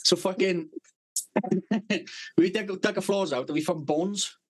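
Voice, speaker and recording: A man's voice: sits high, slow pace, slightly rough, rough recording. A man co-hosting a podcast, telling rambling work stories in casual chat and swearing constantly with a blunt, brash manner. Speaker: podcast co-host.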